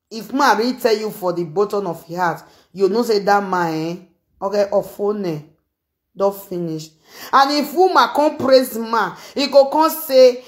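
A woman with a Nigerian Pidgin accent from Benin, giving an animated, teasing comedic reaction to a clip. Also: medium pitch, normal speed. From Benin City area, Nigeria. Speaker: comedic video host.

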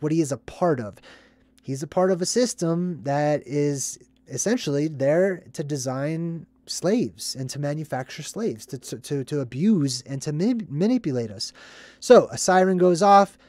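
A casual vlogger explains a movie in a loose, rambling way and keeps asking "right?". The voice sits at a middle pitch. The recording is dry and close, with almost no room sound. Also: no echo. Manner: animated, rambling, acts out scenes in put-on voices. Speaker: movie commentary host. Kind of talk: casual movie breakdown commentary.

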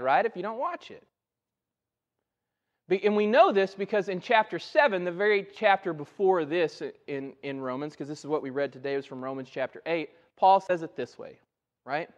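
High-voiced pastor preaching conversationally. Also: male voice, muffled recording. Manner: conversational, keeps asking "right?". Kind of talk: sermon. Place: church sanctuary.

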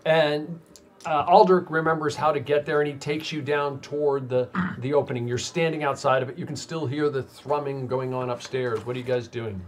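A man's voice: medium pitch, steady tone, a little fast, slight background noise. A man narrating as game master for a tabletop game, describing scenes and calling on players in turn.

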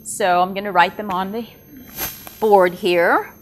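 A woman presenting at a teaching workshop, speaking deliberately and enunciating sounds carefully as she demonstrates. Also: medium pitch, steady tone, slight background noise. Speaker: ESL tutor trainer presenting at a workshop. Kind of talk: workshop presentation with live demo. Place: workshop room with whiteboard.

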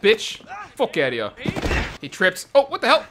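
A man giving crude, comedic commentary over a video game, often shouting and laughing. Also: high-pitched, wildly swooping pitch, measured pace, noisy background. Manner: loud, crude, shouts often and laughs at his own jokes. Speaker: gaming channel host. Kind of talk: profane comedic gameplay commentary.

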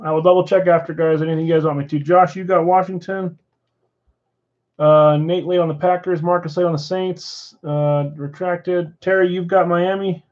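A man's voice: high-pitched, steady tone, moderate pace, muffled recording. A man at a card shop running a live card break, steadily rattling off names and teams.

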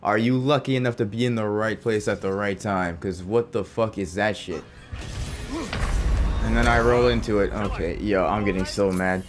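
A man's voice: lowish voice, moderate pace. A young man giving casual, profane gameplay commentary as a streamer, swearing and trash-talking as he plays. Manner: profane, exasperated trash talk. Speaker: gaming streamer. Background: game music.

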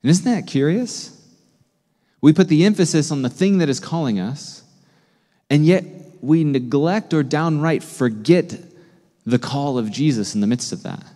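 A man preaching a sermon as a pastor, in a conversational, animated way, often asking his listeners questions. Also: fairly high pitch, measured pace, big-room sound. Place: church sanctuary.

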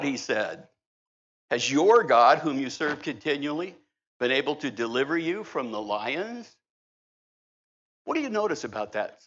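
A man's voice: fairly high pitch, a bit bright. A middle-aged male pastor preaching a sermon in a church, conversational and humorous. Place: church sanctuary. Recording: slightly dull, lo-fi church recording.

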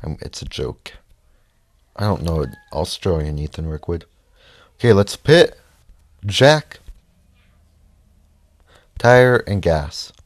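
A man giving casual gameplay commentary, reacting loudly to the race and muttering frustrated asides. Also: low-pitched, very animated, slow pace, pauses often, no room sound. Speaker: let's play gamer.

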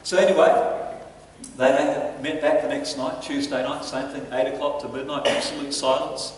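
A man preaching a sermon as pastor, telling stories in an animated way and chuckling between lines. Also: mid-range voice, moderate pace, slight background noise. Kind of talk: storytelling sermon. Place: church hall. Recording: echoey church hall from a distance.

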